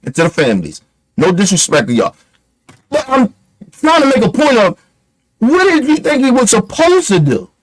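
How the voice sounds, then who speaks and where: An online commentator rants heatedly in a strikingly high-pitched male voice with huge pitch swings. He is blunt and profane, drives his points home with rhetorical questions, and speaks at normal speed with frequent pauses, over poor audio.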